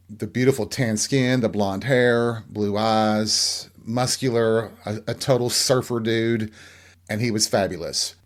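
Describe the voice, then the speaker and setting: Chatty, campy man with a low voice. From Tennessee. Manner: chatty, campy, candid storytelling. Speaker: podcast host. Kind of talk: casual solo chat.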